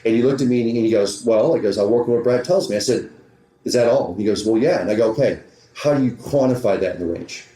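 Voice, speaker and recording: A golf teaching professional with a mellow, medium-pitched voice narrates a story on a podcast, voicing a rapid back-and-forth conversation. The audio carries a roomy echo.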